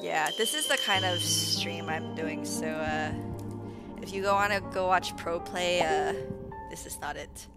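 A woman streaming a horror game live, reacting with frustration, swearing and sudden shrieks while talking to her chat over loud game music. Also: on the low side, a little slow. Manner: talks to chat viewers. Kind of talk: live gameplay commentary.

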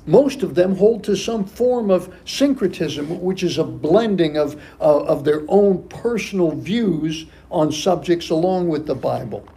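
Slow, mellow-voiced male pastor preaching. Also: a little high, expressive, creaky. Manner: emphatic, repeats key phrases for stress. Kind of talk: sermon. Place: church sanctuary.

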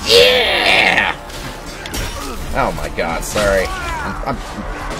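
A young gaming host speaks very slowly with long pauses in a low, expressive voice. Game music and battle sounds play as he gives casual commentary, swears, laughs constantly and rambles jokes.

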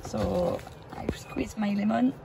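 Slow, halting woman with a French accent. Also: medium pitch, huge pitch swings, creaky, background noise. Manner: halting, hesitant, many fillers, laughs often. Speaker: wellness coach. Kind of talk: casual instructional vlog.

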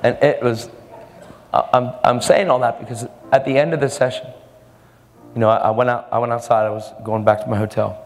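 A man's voice: mid-range voice, a little fast. Earnest preaching man in an echoey hall. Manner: earnest, casual, repeats words when excited. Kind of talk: storytelling sermon. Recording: echoey hall with faint music.

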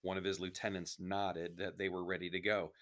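Low-voiced male reader, steady storybook narration for kids. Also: brisk. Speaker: reader of a children's novel. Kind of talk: reading a story aloud.

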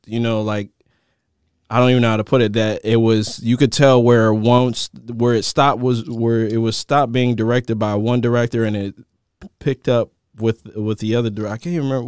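Guy cohosting a chill chat, smooth voice, kinda rambly, lots of uh and you know. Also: mid-range voice, a little mellow, dry recording, studio quality. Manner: rambling, searches for words, many fillers. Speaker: podcast co-host. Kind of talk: casual chat.

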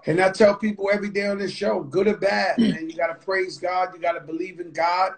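High-voiced man telling stories animatedly. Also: a little fast, gravelly, a crowd in the background. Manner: animated storyteller, swears freely. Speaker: host. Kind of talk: casual live-stream chat. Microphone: phone on a live video call.

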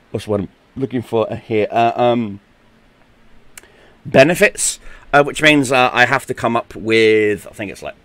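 A man's voice: medium pitch, fairly bright tone, no echo. A young British man giving casual, joking gameplay commentary, with lots of ums and uhs. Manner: chatty, joking, many fillers. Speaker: gaming YouTuber.

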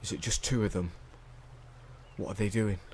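Deep-voiced English gamer, jumpy and swearing. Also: male voice, steady tone, moderate pace, a little hiss or hum. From England. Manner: jumpy, swearing, panicky muttering. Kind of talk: let's play commentary. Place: small hot room at home.

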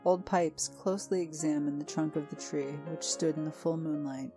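A woman narrating a storybook tale in a calm, measured reading. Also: deep voice. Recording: faint music behind.

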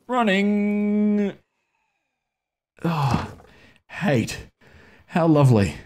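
A husky man narrates his own horror-game session in a slow, drawn-out delivery. His pitch swings wildly, leaping high whenever something startles him. He curses freely and talks to the characters as if they could hear. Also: expressive, warm tone. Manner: nervous, swears often, voice leaps up when startled; coaxes and scolds characters on screen. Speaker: gaming video host. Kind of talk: anxious horror-game commentary.

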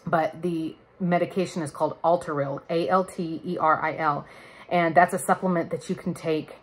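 A woman's voice: low voice, fairly even intonation, normal speed, breathy edge. A woman in her thirties chatting candidly to camera in a casual vlog, laughing now and then. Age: 30s. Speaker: vlogger. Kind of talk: casual chat.

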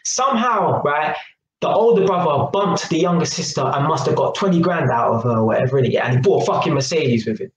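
A man giving a rambling, emphatic opinion monologue and tagging his points with quick questions. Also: a little high, animated, roomy sound, rough recording. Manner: rambling and emphatic, tags lines with "yeah?" and "innit". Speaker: YouTuber.

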